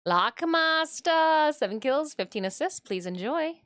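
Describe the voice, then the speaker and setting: A woman's voice: high voice, expressive, a little slow, fairly bright tone. A woman from Michigan chatting casually on a live stream, easily distracted and full of "like.". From Michigan, USA. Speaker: streamer and cosplayer.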